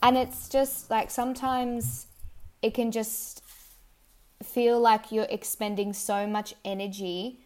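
A woman's voice: on the high side, level tone, slow pace, darkish tone. Thoughtful young Australian woman host. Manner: thoughtful, rambling with fillers. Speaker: podcast host. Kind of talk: casual podcast chat.

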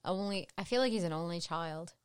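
A woman co-hosting a casual chat, bluntly profane and quick to finish the other speaker's sentences. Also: fairly low pitch, clear, resonant tone, no echo, clean studio sound. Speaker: podcast co-host. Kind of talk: casual chat recapping a show.

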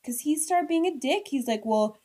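A pregnant young woman speaks in a slightly high voice. She retells events in an excitable, animated way and swears casually. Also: brisk. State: pregnant, almost six months. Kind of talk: casual storytelling chat.

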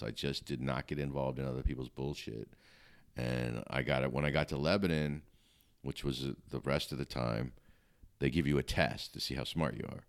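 A man's voice: a bass voice, vocal fry. A middle-aged man, a comedian guest, telling blunt, matter-of-fact stories in casual chat.

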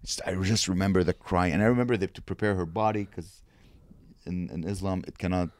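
A young man from Lebanon co-hosting a podcast, talking in a rambling, emotional way, swearing, his voice dropping soft on the sad parts. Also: low-pitched, fairly quick, no room sound. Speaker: podcast co-host. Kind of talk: casual podcast chat.

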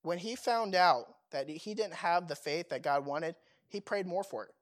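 A man's voice: fairly high pitch, normal speed. A young man preaching a sermon in a casual, conversational way, full of fillers and rhetorical questions.

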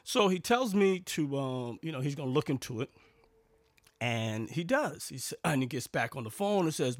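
A man's voice: medium pitch, lively intonation, normal speed, no room sound, clean studio sound. A man talking casually to camera in a rambling, sarcastic vlog, full of fillers and restarts. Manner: chatty, sarcastic storytelling with frequent fillers and restarts. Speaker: vlogger.

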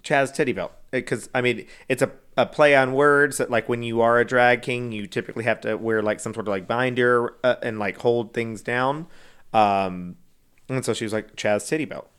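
A man's voice: mid-range voice, fairly even intonation, normal speed, fairly bright tone, clear, resonant tone. A young man co-hosting a podcast in casual chat, rambling with lots of restarts and frequent laughter. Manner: giggly, rambling, many fillers and restarts. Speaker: podcast co-host.

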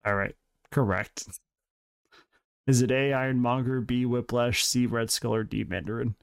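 A man's voice: medium pitch, steady tone, moderate pace, creaky, clear, resonant tone. A man co-hosting a podcast, reading out quiz questions in a mock-teacher tone and laughing often. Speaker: podcast co-host running a quiz. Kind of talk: casual chat.

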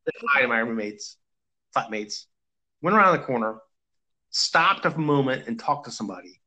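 A man's voice: mid-range voice, expressive, moderate pace, bright, forceful tone, poor audio. A man in casual chat, rambling through an anecdote with many restarts.

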